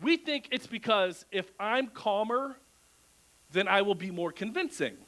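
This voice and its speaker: A man's voice: sits high, measured pace, low-quality recording. A male pastor preaching a conversational sermon in a church, often checking in with the congregation through rhetorical questions. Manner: animated, asks the crowd rhetorical questions.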